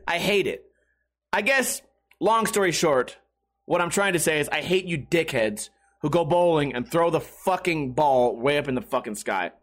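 A middle-aged man ranting on his podcast in a casual, profane, sarcastic way. His voice sits fairly high and sounds bright and forceful. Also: animated, moderate pace. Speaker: podcast host.

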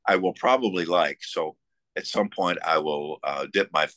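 Low, bright-toned man telling stories. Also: dry recording. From United States, Buffalo area. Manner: halting, many fillers and restarts; enthusiastic storytelling. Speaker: musician guest. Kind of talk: casual interview conversation.

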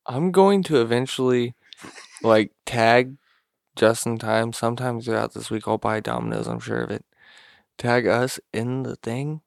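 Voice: medium pitch, measured pace, gravelly, dry recording, clean studio sound. A laid-back podcast co-host who swears and laughs often in casual banter.

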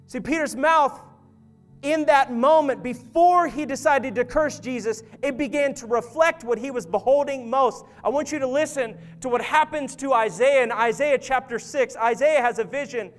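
A male pastor preaching a sermon in an earnest manner, dropping to quiet intensity and rising to urgent emphasis. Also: extremely high pitch, moderate pace, soft background music. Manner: rises loud and urgent at climaxes.

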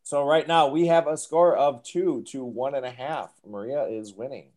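A man's voice: mid-range voice, steady tone, moderate pace, darkish tone. A man hosting a casual podcast and running a playful quiz game, teasing his guests. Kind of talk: casual chat.

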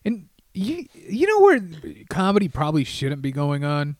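A man's voice: fairly high pitch, wildly swooping pitch, moderate pace, a little mellow, no room sound, studio quality. A man hosting a podcast, chatting casually and prompting his guest with questions. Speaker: podcast host.

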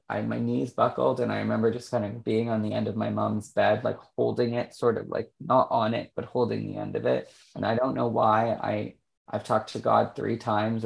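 A man, an author and interview guest, speaking candidly and reflectively, often pausing and restarting his sentences. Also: on the low side, creaky. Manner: reflective and halting, with frequent restarts.

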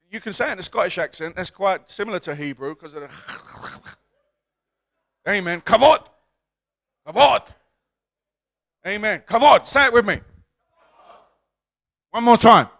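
A man preaching a sermon in a church with a high, bright voice. He coaxes the congregation to repeat after him and swells from easy talk to loud, fervent peaks. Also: animated, brisk, long pauses. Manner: call-and-response preaching, swelling to shouts. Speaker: pastor.

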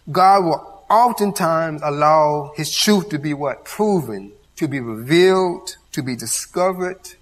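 A man's voice: fairly high pitch, a bit bright. A man giving an interactive church Bible teaching, quizzing his audience with call-and-response questions. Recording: long hall reverb.

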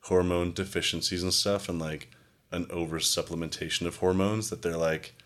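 Young male co-host with a very deep voice; loose, rambling delivery, full of "like" and casual swearing. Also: steady tone, moderate pace. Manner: rambling, heavy "like" fillers, swears freely. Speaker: podcast co-host. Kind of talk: casual chat.

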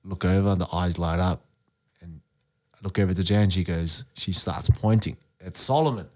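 A man's voice: low-pitched, moderate pace, darkish tone. A man in his thirties telling a playful story about his family on a casual podcast, acting out his own lines. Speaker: podcast co-host.

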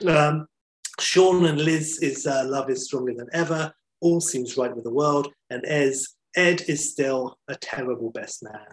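A man's voice: medium pitch, a little slow, rough recording. A man, a podcast host, telling a story in enthusiastic, chatty talk with many fillers. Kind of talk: casual storytelling chat.

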